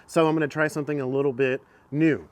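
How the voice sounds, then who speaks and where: A man's voice: on the high side, little pitch movement, quick pace. A man casually talking through a car repair in a vlog, chatty and self-mocking, recorded outdoors by a truck on a camera mic. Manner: chatty, self-mocking, gets long-winded.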